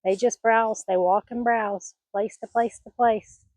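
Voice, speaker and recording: A woman's voice: fairly high pitch, fairly even intonation, measured pace, darkish tone, no room sound. A retired woman in her sixties vlogging casually outdoors on her mountain homestead, chatting into a phone camera in a rambling, folksy way, her voice a little scratchy from allergies. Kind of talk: casual vlog chat.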